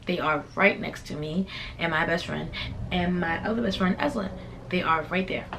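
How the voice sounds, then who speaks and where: A young adult woman vlogger telling a casual storytime, slangy and animated, acting out the voices of people in the story. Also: fairly low pitch, moderate pace, vocal fry, background noise.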